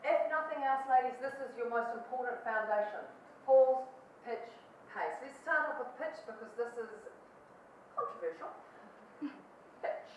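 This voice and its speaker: A woman with a New Zealand accent, a public speaking coach giving a lively, jokey, emphatic talk to an audience. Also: high voice, normal speed. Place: large echoey hall. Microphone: distant mic. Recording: echoey hall from far off, faint noise.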